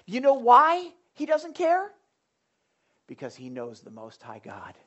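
A woman preaching a sermon in an animated, conversational way, full of emphatic asides to the congregation. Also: a little high, breathy edge.

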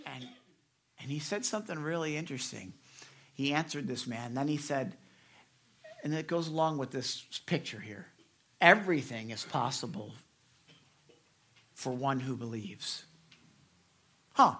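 A preacher giving an animated devotional sermon, retelling scripture with many repeated starts and asking listeners direct questions. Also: mid-range voice, breathy edge.

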